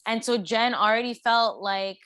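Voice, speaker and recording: A woman's voice: on the high side, clear, resonant tone, no room sound. A young woman co-hosting a pop culture podcast, chatting casually and chiming in to agree. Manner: relaxed, quick agreeing interjections. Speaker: podcast co-host. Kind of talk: casual chat.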